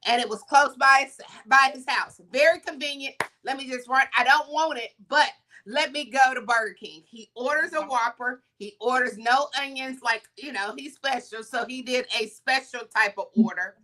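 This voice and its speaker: A woman co-hosting a morning talk show, telling a story in a casual, animated way and acting out the people in it. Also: high voice, normal speed. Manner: animated, acts out the people in her stories.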